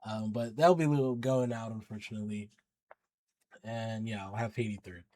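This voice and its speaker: A man's voice: lowish voice, fairly even intonation, normal speed, warm tone. Casual, slangy football vlogger man. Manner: chatty, slangy, hypes teams up. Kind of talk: casual predictions commentary.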